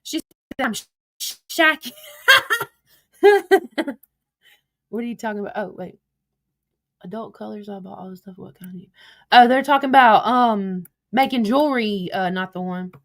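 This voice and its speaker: A woman with a medium-pitched, expressive voice goes over online drama at a moderate pace, leaving long pauses. Reading each text aloud as "I said, she said," the vlogger is casual, blunt, exasperated and swears freely.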